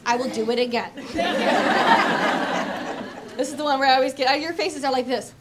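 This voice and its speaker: A woman sales trainer coaching an audience on opening talks, acting out sample pitches with energy and emphasis. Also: moderate pace, a loud crowd, heavy background noise. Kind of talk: training talk with demonstrations.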